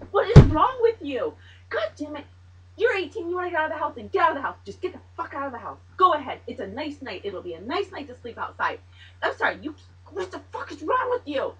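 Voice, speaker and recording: High bright scolding mother, distant mic. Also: very animated, fast, dull audio, a little hiss or hum. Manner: scolding, swearing, lecturing. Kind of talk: heated family argument.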